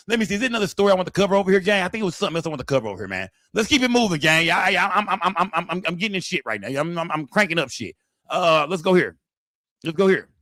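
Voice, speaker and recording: Brief: male stream host, AAVE, rowdy and profane, bright forceful tone, dry close mic. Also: a little high, no echo. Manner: loud, rowdy, addresses chat directly. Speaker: livestream host. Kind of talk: profane live-stream commentary.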